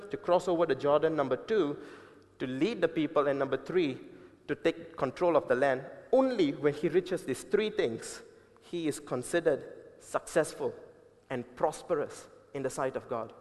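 A man preaching a sermon with emphatic, repeated points and deliberate changes of pace. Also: on the high side, a little mellow. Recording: long reverb of a large hall.

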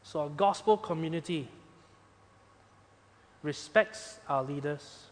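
A male pastor delivers an emphatic sermon in a notably high voice. His points build to loud peaks before dropping to hushed, gentle stretches. The sound rings with the long reverb of a large hall. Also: takes it slowly. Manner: emphatic preaching, rises loud then drops soft.

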